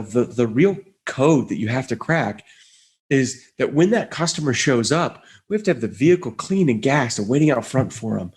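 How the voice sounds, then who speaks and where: A man giving a conference keynote, telling an animated story and acting out the voices of the people in it. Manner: animated, high-energy storytelling with acted-out quotes. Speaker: conference speaker.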